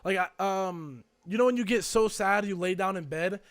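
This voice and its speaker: A young man with a notably high voice talks through a casual podcast chat. He rambles and circles back, leaning on fillers as he reflects. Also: moderate pace. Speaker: podcast co-host.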